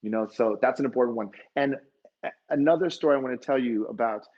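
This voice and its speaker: A man's voice: mid-range voice, quick pace, darkish tone, lo-fi sound. A man, a fitness dance instructor, telling an emotional story at a conference and acting out the dialogue.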